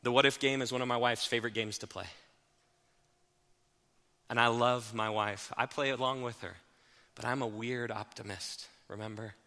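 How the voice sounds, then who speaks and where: Male pastor, bright-toned, preaching in a reverberant hall; shifts between quiet emphasis and loud rapid bursts. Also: mid-range voice. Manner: swings from hushed, slow emphasis to loud, fast, animated asides. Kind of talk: sermon.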